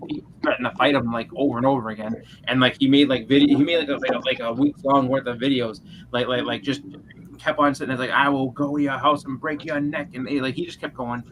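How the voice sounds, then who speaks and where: A man's voice: mid-range voice, steady tone, quick pace, noisy background. A man telling a story in loose, rambling group chat, full of filler words and restarts.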